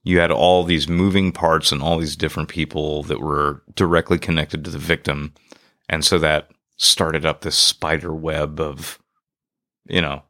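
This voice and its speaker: A man's voice: a bass voice, little pitch movement, a little slow, bright, forceful tone, no echo, clean studio sound. A man from Ireland co-hosting a podcast in casual chat, laughing and swearing freely. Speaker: podcast co-host.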